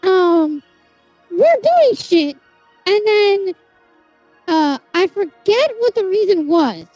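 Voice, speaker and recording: High, lively streamer ranting with swears. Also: slow, dry recording, soft background music, rough recording. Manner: animated storytelling, heavy swearing, exasperated rants. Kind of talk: casual chat with viewers.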